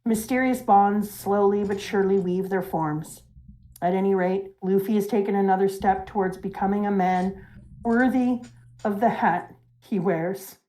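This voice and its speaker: A woman reading out the slow, reflective words of a wise old male pirate from a comic. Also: high voice, fairly even intonation, mellow, close to an everyday voice, rough recording.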